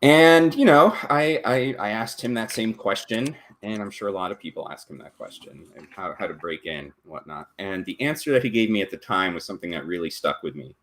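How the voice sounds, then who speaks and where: Low-voiced man telling a story. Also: animated, fairly quick, hardly any pauses, fairly bright tone. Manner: thoughtful, anecdotal, many fillers. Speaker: panelist on a live stream. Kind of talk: casual panel talk.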